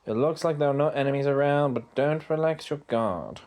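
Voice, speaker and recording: A man voicing a calm, earnest young male platoon leader giving orders in a retro video game. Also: medium pitch, normal speed, pitched above the performer's own voice, lightly acted. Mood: commanding.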